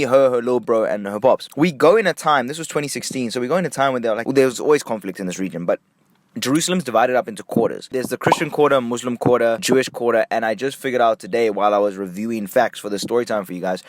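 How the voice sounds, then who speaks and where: Animated young man telling a story. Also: mid-range voice, no room sound. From Nigeria. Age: young adult. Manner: animated, jumps between hushed asides and excited bursts. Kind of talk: casual story time vlog.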